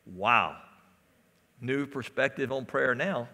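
A man's voice: high-pitched, lively intonation, moderate pace, sharp tone, big-room sound. A man preaching a sermon as a pastor, repeating phrases and calling out to the congregation in a church. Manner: preaching with repetitions and call-outs to the congregation. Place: church sanctuary.

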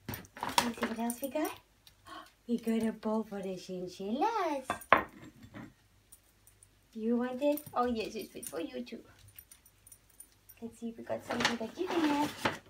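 In a noisy home recording, a young pet vlogger from Norway unboxes new things and coos to her animals in sing-song fashion. Her high voice is animated, moving at normal speed but broken by long pauses.

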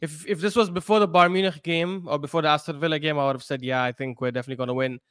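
A man sits in as a guest on a football stream, weighing results with measured, hedged opinions. His voice is smooth and slightly high, and the sound is dry. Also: steady tone, a bit bright, no room sound. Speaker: guest pundit. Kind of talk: casual football chat.

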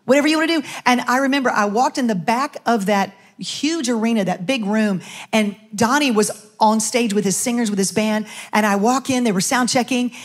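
A middle-aged woman pastor giving a testimony from a church stage, telling her story in an animated way and acting out the voices of the people in it. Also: on the high side, moderate pace. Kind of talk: sermon testimony.

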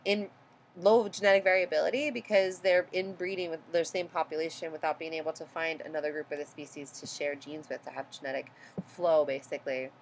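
A woman's voice: sits low, steady tone, brisk, a little hiss or hum. A woman giving a recorded biology lecture in a conversational way, often checking in with "right?" and correcting herself as she goes.

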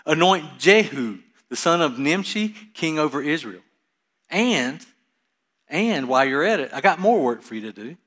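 A man preaching a sermon, reading Scripture aloud and explaining it in plain, casual asides, swinging between loud emphasis and quiet, trailing lines. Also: a little high, sing-song, moderate pace. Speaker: pastor.

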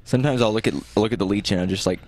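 A man's voice: lowish voice, racing, a little mellow. A young man co-hosting a couch co-op let's-play, chatting in a laid-back, rambling way with plenty of hesitations. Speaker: gaming channel co-host. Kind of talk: casual let's-play chat. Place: living room couch, gaming in person.

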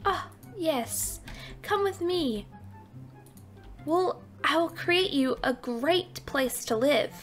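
Playful high-voiced woman gaming, unhurried. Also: a bit bright. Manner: playful, keeps saying oink oink oink. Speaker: gaming channel host. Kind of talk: casual Minecraft let's play commentary.

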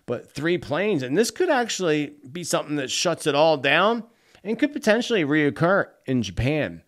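A man's voice: fairly high pitch, sing-song, moderate pace, a bit bright. A man hosting his own channel, earnestly telling viewers his psychic predictions and often calling them friends. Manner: earnest, addresses listeners as "friends". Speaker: psychic host. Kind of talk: solo predictions talk to camera.

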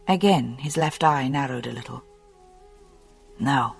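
Slow, animated mystery audiobook narrator, husky tone, long hall reverb and soft music underneath. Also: mid-range voice. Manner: slow, measured and expressive reading. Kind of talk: scripted novel narration.

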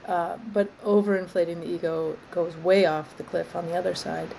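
A woman arborist trainer as an interview guest, explaining in a thoughtful, measured way and often restarting her phrases. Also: on the low side, steady tone, creaky, mellow, slight background noise, rough recording. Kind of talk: conversational interview.

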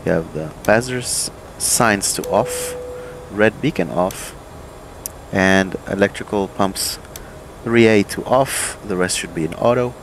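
Man, very low voice, pilot explaining a flight sim, casual, faint background hum. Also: a little slow. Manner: relaxed, thinking aloud with fillers and restarts. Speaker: airline pilot explaining procedures. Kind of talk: casual instructional walkthrough. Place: home desk with flight simulator.

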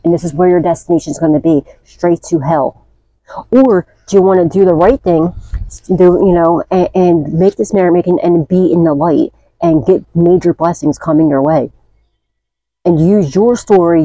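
A woman's voice: on the low side, mellow, dry recording, highs cut off. Woman doing a tarot reading, chatty n blunt, swears a lot, dry dead room. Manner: chatty, blunt, swears, keeps checking in with "okay?". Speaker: tarot reader. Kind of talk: casual spiritual reading.

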